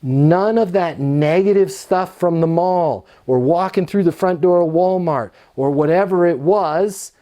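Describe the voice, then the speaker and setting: A middle-aged man teaches sales technique with punchy emphasis, and his voice sits somewhat high for a man. He talks straight to the viewer and acts out snippets of phone calls along the way. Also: a little slow, hardly any pauses. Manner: energetic, emphatic, acts out both sides of calls. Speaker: leasing sales trainer. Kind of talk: instructional talk with role-played phone calls.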